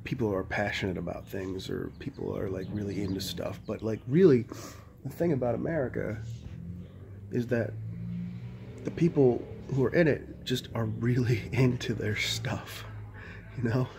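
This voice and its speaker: A man's voice: on the low side, moderate pace, gravelly, background noise. A man talking casually into a handheld phone camera, rambling, full of "like" and frequent swearing. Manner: rambling, heavy on "like", swears freely. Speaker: vlogger.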